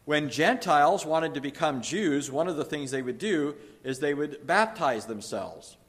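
A man teaching through a Bible passage in an earnest, explanatory way, pausing often with "uh" and restarting phrases. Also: fairly high pitch, expressive.

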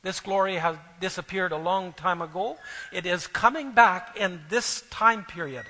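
Preacher, male, high-pitched and bright, earnest sermon delivery, long hall reverb. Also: moderate pace, a little hiss or hum. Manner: earnest, swelling louder on key phrases. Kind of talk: sermon with scripture reading.

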